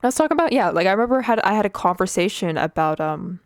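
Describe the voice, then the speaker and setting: A woman's voice: mid-range voice, lively intonation, fast, no echo, clean studio sound. A young woman from Canada chatting casually on a livestream while she draws, rambling with fillers, with a slight speech impediment. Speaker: Twitch streamer.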